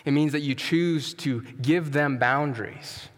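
A man's voice: a little high, measured pace. Earnest male pastor preaching in a hall. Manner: earnest, emphatic preaching with soft drops. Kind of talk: sermon. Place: church sanctuary.

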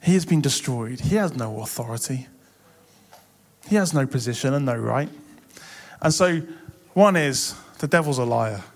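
A man's voice: mid-range voice, lively intonation, normal speed. A young man preaching a sermon in a church, impassioned and building to emphatic swells.

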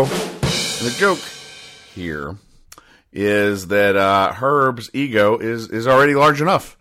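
A man hosting a comedy show, rambling through comic strips with deadpan, mock-serious explanations. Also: lowish voice, slow, long pauses, faint music behind. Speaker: podcast host.

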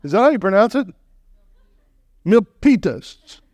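Animated higher-voiced male preacher. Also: normal speed, dry recording. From Southern California. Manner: animated, emphatic, joking asides. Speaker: guest preacher. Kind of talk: sermon.

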